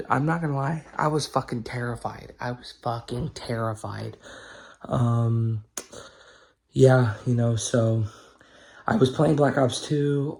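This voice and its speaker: A man's voice: mid-range voice, darkish tone. A man telling a story casually to camera, swearing often and filling his talk with "you know" and "right?". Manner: profane, rambling, many fillers and tag questions. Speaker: vlogger.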